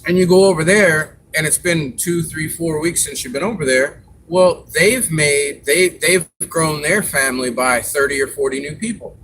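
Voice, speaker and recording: A man's voice: a little high, normal speed, few pauses, background noise. A man hosting a live stream, chatting casually and giving advice, rambling a little with fillers.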